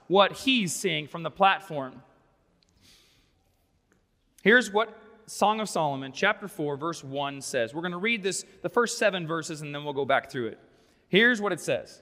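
A man's voice: high-pitched, pushed and bright. A man pastor giving a sermon, conversational with wry asides, in a church sanctuary. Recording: long reverb of a large sanctuary.

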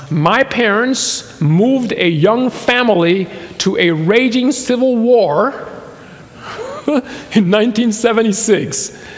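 A man in his fifties preaching a sermon in a church hall, telling a personal story with laughs and quoted voices. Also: high voice. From Nicaragua and the US. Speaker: pastor.

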